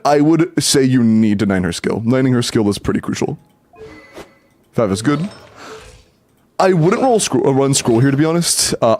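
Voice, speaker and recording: A man's voice: mid-range voice, a little mellow. A man streaming live, casually talking through game account advice and answering chat, loose and rambling with some swearing.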